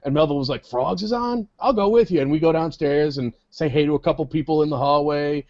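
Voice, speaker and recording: A man's voice: on the high side, fast, a little mellow, no room sound. Chuckling man recounting a party story. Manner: chuckling, keeps quoting others. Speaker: podcast co-host. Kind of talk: casual storytelling chat. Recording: dull lo-fi sound, dry.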